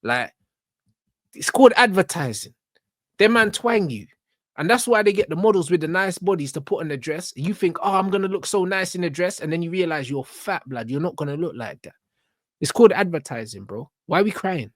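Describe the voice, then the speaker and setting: A man's voice: a little high, expressive, fairly quick, fairly bright tone, dry recording, studio quality. A young man, ranting bluntly with lots of slang and swearing as he reacts to a video. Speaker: reaction channel host.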